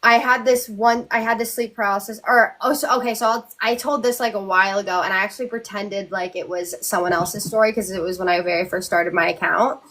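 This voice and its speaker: A woman's voice: mid-range voice, steady tone, fairly quick, hardly any pauses, a bit bright. A young woman hosting a casual live chat, telling a spooky personal story with lots of fillers and restarts. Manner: chatty, lots of likes and ums, restarts. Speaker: host.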